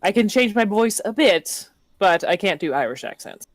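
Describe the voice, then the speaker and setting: A woman player in a tabletop game, talking in a chatty, slightly hesitant way. Her voice is mid-pitched and recorded close and dry. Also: sing-song, normal speed, no echo. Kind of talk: casual tabletop game play.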